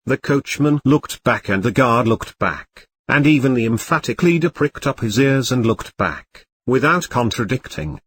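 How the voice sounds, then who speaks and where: A man reading a classic novel aloud as an audiobook narrator, even reading punctuation and chapter numbers. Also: medium pitch, a little hiss or hum.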